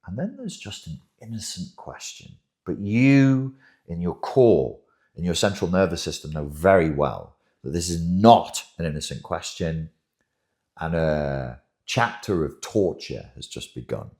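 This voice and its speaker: Wry, emphatic man with a lively voice. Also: low-pitched, a little slow. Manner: emphatic and wry, with frequent self-repeats. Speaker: host, relationship commentator. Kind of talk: commentary monologue.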